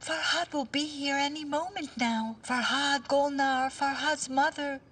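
A frightened woman in a drama, urging and begging in a high, hushed, hurried voice. She is picked up from a distance. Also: steady tone. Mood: hushed urgent. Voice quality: urgent, hushed pleading.

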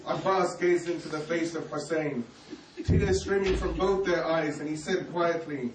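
A man narrates a mourning sermon with emotional, grieving storytelling. His voice is high for a man and comes from a distance. The hall echoes around him, and there is faint ambience in the background. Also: unhurried, a little hiss or hum. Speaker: preacher.

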